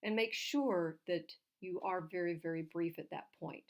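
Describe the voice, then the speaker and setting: A woman, a legal writing instructor, giving clear, direct numbered tips on oral argument. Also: on the low side, moderate pace.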